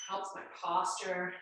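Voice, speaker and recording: A woman fitness instructor with a lowish, congested, nasal voice gives chatty, reassuring cues through a guided workout. She's far from a distant camera mic in a very echoey room, with heavy background noise.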